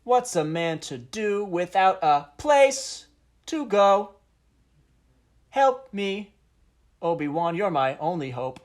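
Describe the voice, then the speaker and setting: A man's voice: high voice, sing-song, slow pace, pauses often, voice pushed up, heavily acted. A man voicing an overwrought medieval poet at a poetry slam, over a phone line. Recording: phone call audio.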